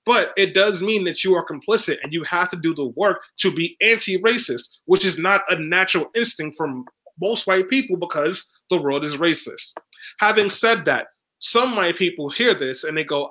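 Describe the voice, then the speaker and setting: A man's voice: high-pitched, normal speed, pushed and bright, low-quality recording. A man speaking as a panel guest in a sarcastic, provocative and punchy way. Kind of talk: casual panel discussion.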